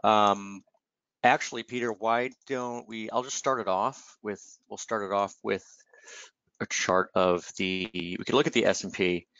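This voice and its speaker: A man with a lowish voice runs a live trading webinar and walks through charts in a relaxed, rambling way, full of "um" and "right?". He has the hiccups, and the sound is dry and slightly dull, like a close desktop mic. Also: a little slow, no echo. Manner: conversational, filler-heavy, frequent "right?" tags. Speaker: webinar host, market analyst.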